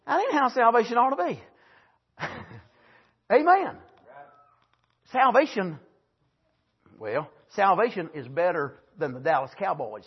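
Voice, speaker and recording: A man preaches with fervent energy, his high voice husky around the edges. He swings from shouted exclamations down to quiet asides and punctuates his points with amens. The recording sounds dull and lo-fi. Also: very animated, measured pace, long pauses. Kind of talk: sermon.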